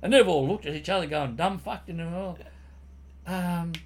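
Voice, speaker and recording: A man's voice: high voice, normal speed. An older man telling army stories in casual podcast chat, swearing freely and laughing through his punchlines.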